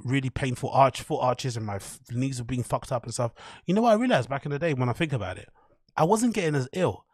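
Man, podcast host, casual storytelling, profane, repeats himself, mid-pitched voice, dry sound. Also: dry recording. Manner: loose, profane, chatty delivery with many "like"s and repeats.

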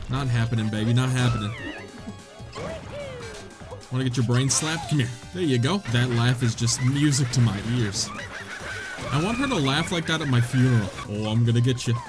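A young man giving comedic, excitable commentary while playing a video game, laughing often, with game music behind him. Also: medium pitch. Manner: joking, excitable, frequent laughter. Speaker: gaming YouTuber. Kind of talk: comedic let's-play commentary.

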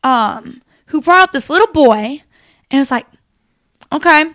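A young woman co-hosting a faith podcast, talking in an animated, chatty way with lots of fillers. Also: high voice, normal speed. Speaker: podcast co-host. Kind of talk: casual faith discussion.

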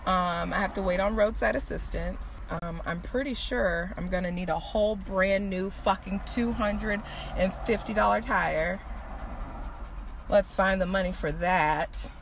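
A woman talking casually into her phone while sitting in her truck and walking outdoors, chatty and animated, swearing freely. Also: mid-range voice, a little slow, vocal fry. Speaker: vlogger. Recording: outdoor noise and traffic.

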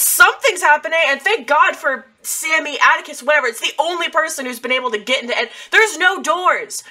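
A woman voicing a frantic townswoman who yells and swears in panic about a dying town. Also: high-pitched, voice pushed up.

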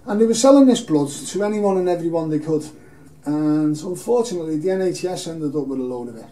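A man's voice: fairly high pitch, lively intonation, fairly quick, warm tone. A man speaking unscripted and emotionally in a film studio, rambling and earnest. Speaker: campaigner making an appeal video. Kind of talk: unscripted personal appeal. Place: film studio in front of a green screen. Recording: roomy, distant mic, faint hiss.

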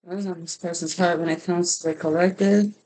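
Tarot reader, woman, lower voice, chatty and prone to laughing. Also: fairly even intonation, fairly quick, darkish tone, slight background noise. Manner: chatty, laughs often, prays aloud. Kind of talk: casual tarot reading to camera.

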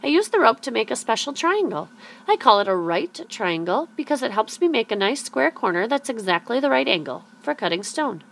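A woman's voice: fairly high pitch, sing-song, a little fast, creaky, a bit bright, a little hiss or hum, pitched above the performer's own voice, heavily acted. A woman voicing a bossy, snappish grown stonemason in a read-aloud storybook. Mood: patronizing. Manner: snappish, dismissive.

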